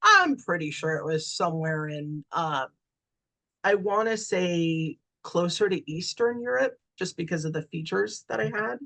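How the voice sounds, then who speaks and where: Middle-aged woman guest, kinda low voice, rambly chatty storytelling w lots of "like" and "right?". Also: animated, unhurried, creaky, fairly bright tone. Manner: chatty, many fillers like "right?" and "like". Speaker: podcast guest. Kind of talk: casual storytelling.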